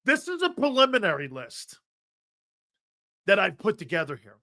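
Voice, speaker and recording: A man hosting a live sports talk stream, pressing his opinions hard and circling back on his own phrases. His voice sits a bit high and sounds bright and forceful. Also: wildly swooping pitch, normal speed. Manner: emphatic, argumentative, repeats himself while building a point. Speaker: sports talk show host.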